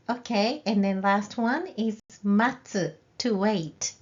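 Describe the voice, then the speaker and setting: A woman's voice: medium pitch, slow, hardly any pauses, slightly rough, muffled recording. A woman teaching a video language lesson. She explains grammar step by step and models example phrases with a rising question tone for learners to repeat. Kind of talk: slow, clear video lesson.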